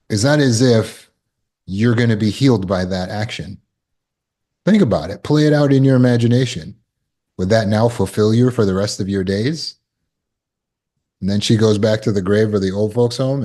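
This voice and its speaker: A man giving a live talk to an audience in a room. He talks earnestly and coaxingly, repeats phrases, and drops to a soft voice when he voices comforting words. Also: on the low side. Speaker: trauma recovery speaker. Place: room with an audience of about 160.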